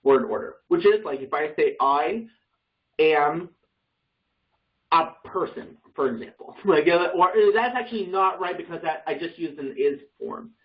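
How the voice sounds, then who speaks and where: A man's voice: fairly high pitch, lively intonation, brisk, few pauses, recorded from a distance, dull audio. A man leading an online Bible study class, explaining grammar casually with many fillers and self-corrections.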